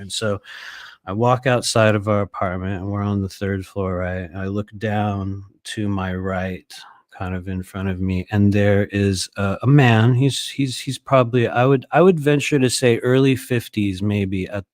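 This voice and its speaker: A man's voice: lowish voice, steady tone, measured pace, darkish tone, dry recording. A man in his fifties telling a story to his viewers in a casual, rambling way, with many fillers and repeated phrases. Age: 50s.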